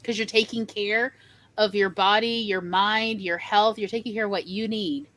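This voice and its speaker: A woman co-hosting a podcast in casual chat, emphatic and animated. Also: mid-range voice, moderate pace. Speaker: podcast co-host.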